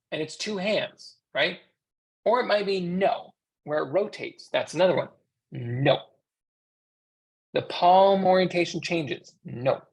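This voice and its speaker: With an American accent and a mid-range voice, an interpreter voices a sign language instructor's class lecture. The teaching is conversational, with rhetorical questions put to the class.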